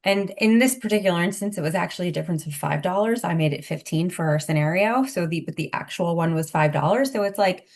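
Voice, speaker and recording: A woman co-hosting a podcast in casual chat, telling stories in a lively, chatty way with lots of "like". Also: on the low side, fast, hardly any pauses. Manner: chatty, animated storytelling with lots of "like". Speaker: podcast co-host.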